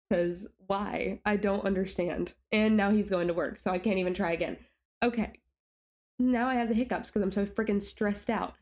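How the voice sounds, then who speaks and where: Young woman chatting over her sims game, confused and rambly, keeps asking why, mid pitch. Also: a little mellow. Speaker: gaming YouTuber. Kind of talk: casual gameplay commentary.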